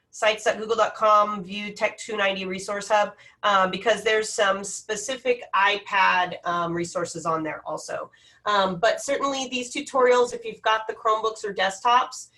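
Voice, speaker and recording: An education technology presenter walks through classroom tech tools in a webinar, hesitating often with plenty of ums. Her mid-range voice is bright and forceful, though she sounds far from the mic.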